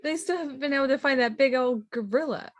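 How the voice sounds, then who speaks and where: A woman's voice: sits high, quick pace, no room sound. A woman playing a tabletop game, chatting playfully and giggling often. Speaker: player. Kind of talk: casual in-character role-play.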